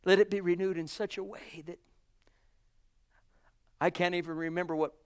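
A man preaching with fervor in a high voice, calling his listeners brothers and sisters. He swings from quiet, hushed lines to loud, rising exclamations. The sound is close and dry, with no room echo. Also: steady tone, normal speed, clear, resonant tone. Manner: addresses congregation as brothers and sisters. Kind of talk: sermon. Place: church.

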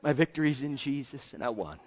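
A man preaching a sermon with passion, swinging between loud pleading and hushed, almost whispered lines. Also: medium pitch, sing-song, fairly quick. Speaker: pastor. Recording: lo-fi dull sound.

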